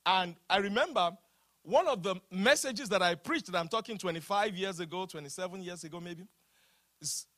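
A man preaching a sermon, calling for the congregation to repeat lines and slowing down to stress his words. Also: high voice, sharp tone, no room sound, studio quality. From Nigeria. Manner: emphatic preaching with call-and-response, slows down to stress lines. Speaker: pastor.

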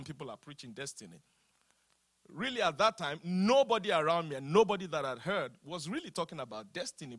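A man preaching a sermon, calling for the congregation to repeat lines and slowing down to stress his words. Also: high-pitched, fairly bright tone, dry recording, clean studio sound. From Nigeria. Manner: emphatic preaching with call-and-response, slows down to stress lines. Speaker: pastor.

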